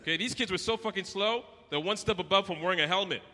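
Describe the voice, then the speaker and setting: Canadian male stand-up, brash and profane, sharp bright tone, faint hiss in a reverberant room. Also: sits high, fast. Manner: brash, profane, acts out voices. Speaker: stand-up comedian. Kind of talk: stand-up comedy routine. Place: live comedy venue. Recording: echoey hall with faint noise.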